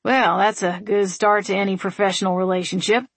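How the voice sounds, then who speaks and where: A woman voicing a wry, patient man with a dry, steady, gently teasing manner. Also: mid-range voice, a little fast, no room sound, close to an everyday voice.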